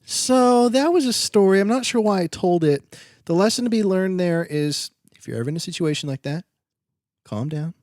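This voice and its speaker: A man's voice: sits high, expressive, moderate pace, a little mellow, dry recording, clean studio sound. A young man co-hosting a podcast, telling a story in casual chat and breaking into a playful ad read. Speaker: podcast co-host.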